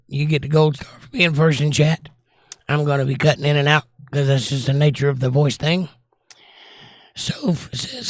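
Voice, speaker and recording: A hoarse, squeaky-voiced man hosting a casual livestream and reading chat messages aloud in a wry, blunt way. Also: normal speed, dry recording, studio quality. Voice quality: squeaky, croaky. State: hoarse, losing his voice.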